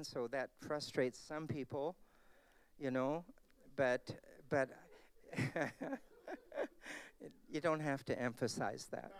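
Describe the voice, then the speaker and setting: A middle-aged male pastor preaching a sermon in a heartfelt, conversational way, with soft laughs between thoughts. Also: on the high side, clear, resonant tone, dry recording.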